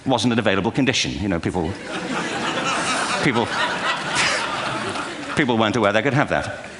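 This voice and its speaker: A man's voice: on the low side, animated, fairly quick, a loud crowd, very noisy. An older man giving a humorous keynote lecture to a live audience, full of wry, self-deprecating anecdotes and asides. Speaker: speaker giving a talk. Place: large auditorium before a live audience.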